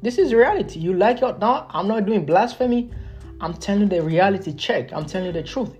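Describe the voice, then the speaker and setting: A woman's voice: mid-range voice, expressive, a little fast, dark tone, faint music behind. A woman hosting a solo podcast, lecturing her listeners in a blunt, profane and emphatic way, repeating her points. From Congo. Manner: lecturing, repetitive. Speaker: podcast host.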